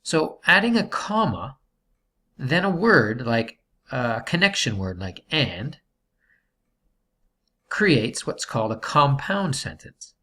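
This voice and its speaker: A man's voice: mid-range voice, very animated, slow, pauses often, pushed and bright. A man teaching a writing lesson, explaining sentence types patiently and checking in with "okay". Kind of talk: classroom grammar lesson.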